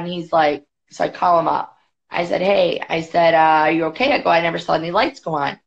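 A woman guest on a podcast, telling a story in a chatty, quick way with many fillers. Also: lowish voice, gravelly. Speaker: podcast guest, boxing federation executive. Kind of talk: casual storytelling. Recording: dull lo-fi podcast audio.

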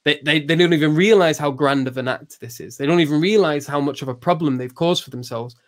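A man with a higher voice talks fast, explaining ideas in casual conversation with lots of hesitation, restarts and fillers. When he quotes someone, he acts it out with a raised voice.

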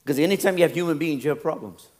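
A man's voice: a little high, racing, a little mellow. A man preaching a sermon as a pastor, telling stories with laughter and acting out other people's voices.

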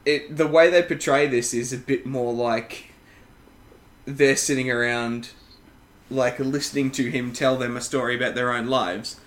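A man's voice: mid-range voice, steady tone, unhurried. A man in casual chat as a podcast co-host, laid-back, laughing often and swearing casually.

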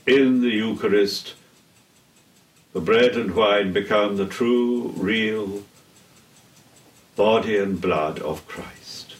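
An older man giving a theology lecture in a deliberate, solemn way, pausing between phrases. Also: fairly low pitch. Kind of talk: slow measured theology lecture. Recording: echoey room, heard from a distance.

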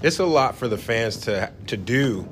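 A man's voice: mid-range voice, animated, moderate pace, a little hiss or hum. A man on a casual podcast, a monster truck driver, agreeable and chiming in often. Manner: agreeable, lots of yeahs.

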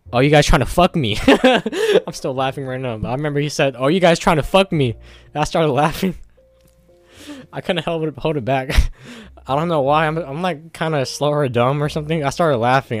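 A man telling a casual, rambling story to the camera, full of fillers and swearing. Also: medium pitch.

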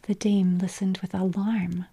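A woman reading a story aloud in a soft, slow whisper. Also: medium pitch, little pitch movement, vocal fry, husky.

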